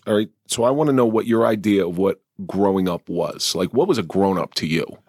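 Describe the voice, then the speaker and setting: Husky low-voiced male host. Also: fairly quick, darkish tone, dry recording, clean studio sound. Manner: probing, asks follow-up questions. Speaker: podcast host. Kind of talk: interviewing.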